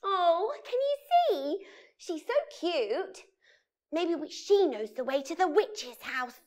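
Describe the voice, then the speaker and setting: A woman's voice: very high-pitched, very animated, takes it slowly, darkish tone. A woman leading an interactive children's story session, theatrical and wide-eyed, full of gasps and exclamations.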